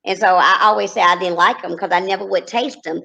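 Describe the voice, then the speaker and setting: Texas woman guest, gravelly fry in her voice, laid-back and chatty. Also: medium pitch, steady tone, fairly quick, sharp tone, low-quality recording. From Corsicana, Texas. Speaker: guest, reality TV personality. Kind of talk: casual interview chat.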